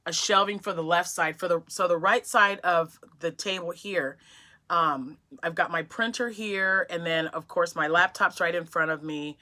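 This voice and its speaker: A woman chatting casually in a home craft room, gushing over yarn and often dropping to soft whispers, filmed on a phone on a small tripod. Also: lowish voice, normal speed. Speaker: crochet vlogger. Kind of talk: casual chat, unboxing happy mail. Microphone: phone on a mini tripod.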